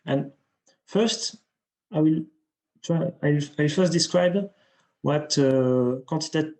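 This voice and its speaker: A young man from France presents a mathematics lecture over a video call. His delivery is careful and halting, full of restarts as he works through each idea. His voice sits at a medium pitch. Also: darkish tone, rough recording. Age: young adult. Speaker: invited speaker at a math seminar. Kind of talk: academic lecture.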